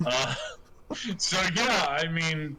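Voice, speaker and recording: A man's voice: a little high, lively intonation, very slow, bright, forceful tone, slight background noise, rough recording. A man running an online tabletop game as game master, chuckling and rambling as he narrates.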